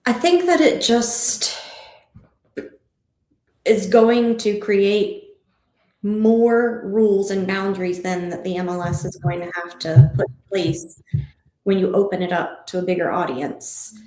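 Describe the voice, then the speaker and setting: A woman real estate agent joining a casual livestream discussion, asking a string of questions while thinking out loud. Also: mid-range voice, takes it slowly, a little hiss or hum. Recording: echoey room.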